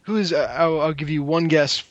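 A man's voice: fairly high pitch, fairly even intonation, normal speed, no room sound, dull audio. A man hosting a casual game quiz among friends, playful and prone to stammering restarts. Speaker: quiz host. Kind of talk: casual online chat.

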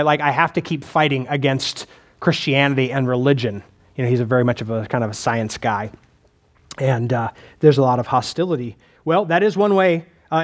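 A man preaching a sermon, his voice sitting a little high for a man. He talks conversationally, often restarts his sentences and keeps putting questions to his listeners. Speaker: pastor.

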